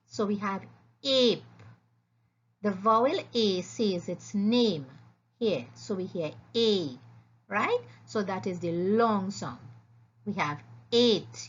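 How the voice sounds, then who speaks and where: A woman's husky voice walks young learners through a phonics lesson at an unhurried pace. She sounds every vowel out carefully and repeats each one. The recording is dull and lo-fi, like a home voice-over. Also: mid-range voice, fairly bright tone. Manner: slow, clear, instructive, repeating sounds. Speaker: teacher.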